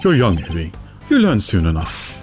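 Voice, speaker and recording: A man putting on a composed prosecutor who mentors a younger partner, speaking low and slow in a measured, lecturing way. his pitch still moves with expression, and soft game music plays faintly behind. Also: wildly swooping pitch. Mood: calm lecturing. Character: composed older male prosecutor, calm mentor. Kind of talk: reading game dialogue aloud.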